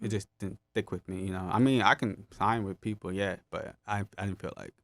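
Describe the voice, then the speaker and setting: A man's voice: fairly low pitch, a little fast, dry recording. Laid-back young man, dry close sound. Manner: laid-back, laughs often, quotes others in animated voices. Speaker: podcast guest. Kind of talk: casual storytelling.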